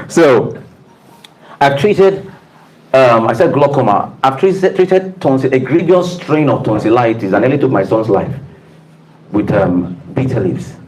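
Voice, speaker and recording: A man's voice: medium pitch, lively intonation, unhurried, a little mellow, slight background noise, rough recording. Emphatic man addressing an audience. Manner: emphatic preacher-like delivery with audience call-outs. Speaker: speaker giving a talk. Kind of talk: motivational talk to staff. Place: room with a live audience.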